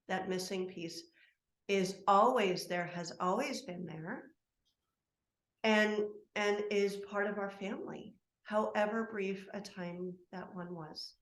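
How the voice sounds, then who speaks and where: A woman's voice: mid-range voice, fairly even intonation, takes it slowly. A woman speaking as a guest in an interview, with a mid-range voice. Her talk is heartfelt and emotional and comes in spirited bursts. She is recorded in a roomy space with a noticeable echo. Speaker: guest, soul constellation practitioner. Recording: echoey room.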